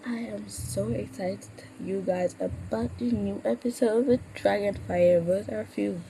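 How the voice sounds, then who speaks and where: A woman's voice: mid-range voice, moderate pace, gravelly. A woman puppeteer chatting casually, with a sore throat from a cold and stumbling over her words. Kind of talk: casual chat. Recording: steady background noise.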